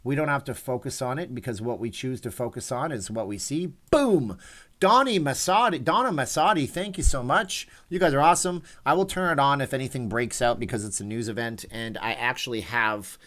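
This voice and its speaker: A man in his forties chatting on a livestream at an average pitch. He rambles from one thing to the next and reads viewer comments aloud in a relaxed, casual way. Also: fairly quick, hardly any pauses. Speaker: livestream host.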